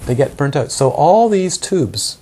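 In a live group session, a man teaching meditation often quizzes his listeners and dramatizes examples. He's very animated yet measured in pace, with a mellow voice on the high side and a bit of background noise.

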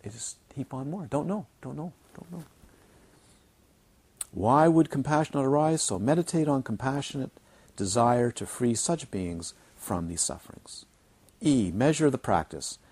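A man teaching a dharma talk to retreat students, playful and animated, repeating words for emphasis and mimicking his students. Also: medium pitch, normal speed, husky. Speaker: Buddhist teacher. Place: retreat centre teaching hall.

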